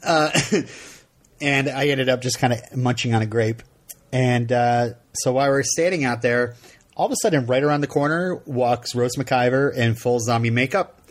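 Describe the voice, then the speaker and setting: Podcast co-host, middle-aged man from Vermont, animated storyteller, average pitch. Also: normal speed. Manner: animated, laughs often, acts out quotes. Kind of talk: casual chat, storytelling.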